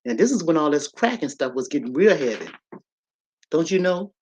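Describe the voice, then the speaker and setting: A woman's voice: low voice, very animated, moderate pace, darkish tone, a little hiss or hum. A woman hosting a casual livestream, telling a story and preaching to her viewers, with in her speech. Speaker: livestream host. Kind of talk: casual live-stream monologue.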